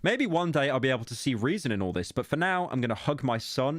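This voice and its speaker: A young British man reads internet posts aloud on a stream and mocks them with dry, wry asides. His voice sits at an ordinary pitch for a man. The sound is close and dry, with no room echo. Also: very animated, fast talker, hardly any pauses. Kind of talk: casual reaction commentary.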